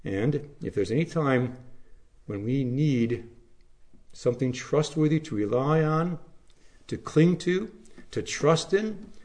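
A male pastor preaching a sermon, moving from quiet reflective questions to fervent, emphatic repetition. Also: medium pitch, expressive, slow pace, long pauses.

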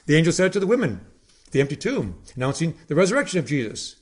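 A male preacher delivering a sermon with a fairly high voice. He builds his points with dramatic pauses and emphasis, then drops suddenly to a near hush. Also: very animated, breathy edge.

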